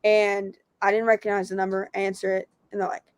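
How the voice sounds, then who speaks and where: A young woman, a podcast guest telling a story with lively, laughing energy. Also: mid-range voice, fast, smooth, no room sound. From Tennessee. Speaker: podcast guest, disc golf pro. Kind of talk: casual storytelling interview.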